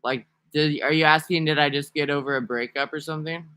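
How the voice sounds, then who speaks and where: A man's voice: a little high, fairly even intonation, brisk, bright, forceful tone, clear, resonant tone. A man talking casually to camera in a rambling, profane, sarcastic vlog monologue. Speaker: vlogger.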